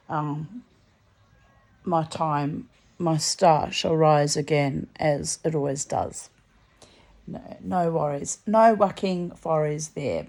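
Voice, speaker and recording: A woman's voice: low-pitched, gravelly, a little mellow. A tired, unwell woman lying in bed, chatting casually and rambling through a story with many asides. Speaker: vlogger.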